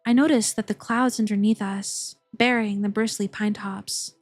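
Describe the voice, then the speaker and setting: A woman's voice: mid-range voice, steady tone, normal speed, dry recording, faint music behind. A woman streamer reading a game's story aloud, playful and giggly, swearing when startled.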